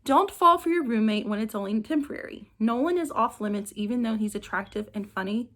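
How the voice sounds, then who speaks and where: A woman's voice: a little high, expressive, brisk, a bit bright. Woman summarizing new romance novels. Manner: reads summaries evenly with small restarts. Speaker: book reviewer. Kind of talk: reading book blurbs to camera.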